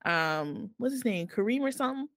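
A woman's voice: a little high, expressive, moderate pace, creaky, fairly bright tone, no room sound. A woman co-hosting a book podcast, chatting casually and retelling a story with lots of quoted voices.

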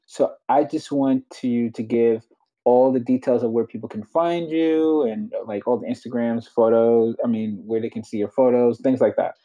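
A woman's voice: a bass voice, fairly even intonation, normal speed, mellow. A woman hosting an interview, encouraging her guest and laughing often. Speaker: podcast host. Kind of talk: casual interview. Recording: muffled, lo-fi audio.

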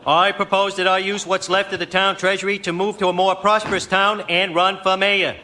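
An actor voicing a corrupt, pompous cartoon mayor with a broad Boston drawl. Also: male voice, high-pitched, flat delivery, brisk, bright, forceful tone. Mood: scheming. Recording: clip with crowd and noise.

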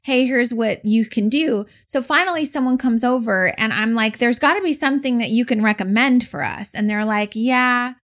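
A mother telling a story in casual conversation, lively and acting out the dialogue with others. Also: on the high side, moderate pace, few pauses.

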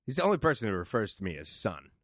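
Deadpan joking podcast co-host, lively pitch. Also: male voice, dry recording. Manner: dry, deadpan joking with quick reactions. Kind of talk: casual podcast chat.

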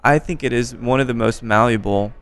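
A man's voice: medium pitch, brisk, fairly bright tone. A man from the American Midwest hosting a casual chat, talking in a conversational, wry way. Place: bar by a window.

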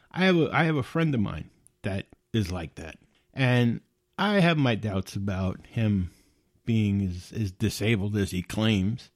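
A man's voice: on the high side, no echo, studio quality. A middle-aged man hosting a podcast, talking bluntly in a casual monologue and often repeating and restarting words. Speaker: podcast host.

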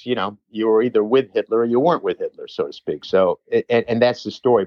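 Rambling male storyteller, low voice. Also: no room sound, lo-fi sound. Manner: rambling, with many restarts and "you know"s. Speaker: personal trainer. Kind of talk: casual storytelling.

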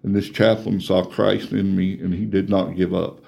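A ministry coordinator from Texas, USA, a middle-aged man with a drawl, tells his story earnestly and plainly in an interview at a moderate pace with flat delivery. His low, dark voice has a gravelly fry and quiets to a hush when things turn painful.

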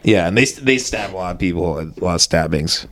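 A man's voice: sits low, animated, fairly quick, a bit bright. A man co-hosting a podcast, talking bluntly and profanely in casual chat. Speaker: podcast co-host.

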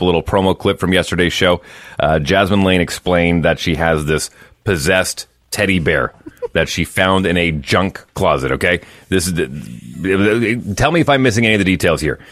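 Deep-voiced radio host. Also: male voice, fairly quick, fairly bright tone, dry recording, clean studio sound. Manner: chatty, jokey, talks straight to listeners. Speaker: radio morning show host. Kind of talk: casual radio banter. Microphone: studio microphone.

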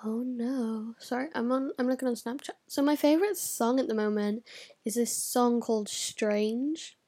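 Husky-voiced young girl vlogging. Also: on the high side, normal speed, dark tone. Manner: chatty, swears a lot, dips into whispers. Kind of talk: casual chat to camera.

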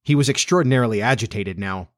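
A man narrating a classic children's tale, his voice sitting at an everyday middle pitch. He reads in a steady, measured storytelling manner, unhurried and even. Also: no room sound, clean studio sound. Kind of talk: storybook reading.

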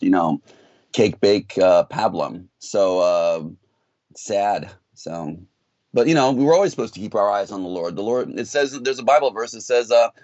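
Man, co-host, low voice, measured, quotes scripture, dull lo-fi sound. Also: darkish tone, no room sound. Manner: measured, quotes Bible verses. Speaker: radio co-host. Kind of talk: casual talk-show banter.

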